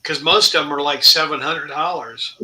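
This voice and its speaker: A man's voice: on the high side, fairly even intonation, normal speed, pushed and bright, poor audio. A man chatting casually on a podcast, mostly giving short replies. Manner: brief reactive replies. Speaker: podcast co-host. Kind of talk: casual chat.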